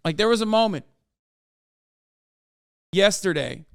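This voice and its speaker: A man rants through his live-stream commentary, swearing freely and sounding exasperated. His voice is smooth and resonant, sitting a little high, and the sound is close and dry with no room echo. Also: animated, takes it slowly. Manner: profane, exasperated ranting. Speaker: streamer reacting to videos.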